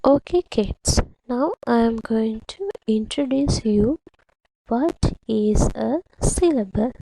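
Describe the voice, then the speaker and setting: A woman's voice: a little high, lively intonation, slow pace, creaky, warm tone, a little hiss or hum, rough recording. A woman teaching a primary English lesson, patiently explaining to children and repeating words syllable by syllable. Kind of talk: slow, deliberate classroom instruction to children.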